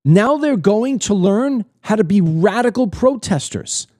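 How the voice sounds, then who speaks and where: A man's voice: high-pitched, expressive, unhurried, a little mellow, no echo, clean studio sound. A middle-aged man from the United States hosting his own political commentary show, delivering a blunt, indignant monologue to camera and repeating words when he gets worked up.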